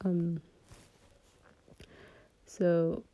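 A woman in a whispered Bible reading and teaching, halting and often losing her place and rereading verses. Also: lowish voice, monotone, mellow, muffled recording.

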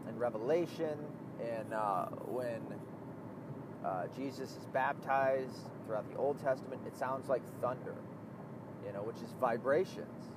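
A man talking casually while driving, swearing a lot and rambling as he loses his train of thought. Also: mid-range voice. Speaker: vlogger. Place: inside a car on the road. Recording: steady car road noise.

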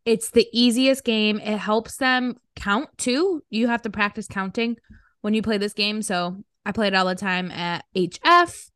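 A woman's voice: mid-range voice, unhurried, fairly bright tone, no room sound. A young woman co-hosting a casual podcast chat, chatty and laughing easily with slangy talk. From upstate New York. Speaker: podcast co-host.

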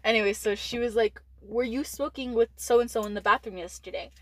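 A late-teen girl from Texas, a podcast co-host, tells a school story in casual chat, rambling with plenty of "like" and frequent swearing. Her voice is fairly high and fairly bright, and she talks a little fast. The audio is poor, with no echo.

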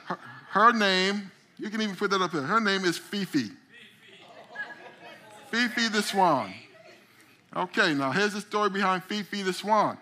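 A man's voice: high-pitched, measured pace, pauses often, a faint crowd, slight background noise. A middle-aged man teaching a group, acting out little stories with voices as he goes. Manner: animated storyteller, acts out voices. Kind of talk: teaching a memory drawing lesson.

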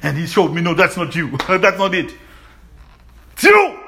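Man preaching with bright, ringing tone. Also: fairly high pitch, a little fast, slight background noise. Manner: call-and-response questions, laughing, exuberant shouts. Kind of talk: sermon.

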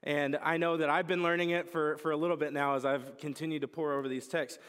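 A man's voice: a little high, flat delivery, quick pace, a bit bright, clear, resonant tone. A young male pastor preaching a casual, joking sermon with lots of storytelling. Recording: reverberant hall.

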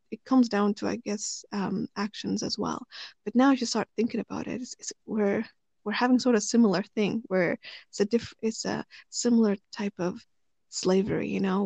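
A woman telling stories in relaxed conversation, rambling with many fillers and restarts. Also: mid-range voice, normal speed, creaky, husky, no echo. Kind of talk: casual conversational storytelling. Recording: dry, slightly muffled recording.

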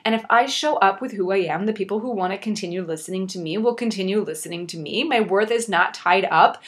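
A young woman talks straight to her listeners in a motivational podcast monologue. She is earnest and encouraging, and she reflects openly on her own doubts. Her voice sits in a middle pitch. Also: fairly quick. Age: young adult. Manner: speaks directly to the listener. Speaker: podcast host.

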